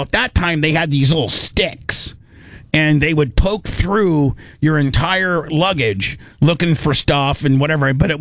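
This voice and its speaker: A man's voice: a little high, dry recording, clean studio sound. A man telling a long, rambling story in casual talk, acting out what people said. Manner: animated, rambling, acts out quotes.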